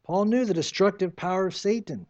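High-voiced older male preacher, lo-fi. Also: brisk, darkish tone. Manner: conversational preaching with acted asides. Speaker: pastor. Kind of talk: sermon. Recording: dull lo-fi recording.

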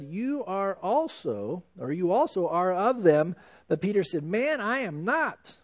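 A man preaching a sermon in a relaxed, conversational way, dropping in "you know" asides as he goes. His voice sits fairly high for a man. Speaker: pastor.

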